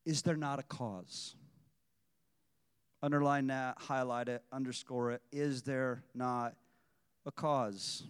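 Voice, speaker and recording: A male preacher with a smooth, resonant voice, pitched a little high, delivering a sermon. He moves from quiet teaching to loud exhortation. His voice rings with the long reverb of a church hall. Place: church sanctuary.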